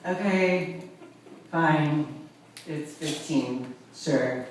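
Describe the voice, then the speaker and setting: A woman's voice: sits low, drawn-out words, noisy background. A man doing a blunt Long Island mom. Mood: fed-up. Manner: fed-up, blunt. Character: exasperated middle-aged mother selling at a garage sale. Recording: echoey room, far from the mic, audience laughter.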